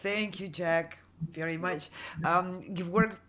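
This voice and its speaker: Hesitant low-voiced woman moderator. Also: fairly even intonation, slow, fairly bright tone. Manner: hesitant, many fillers. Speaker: panel moderator.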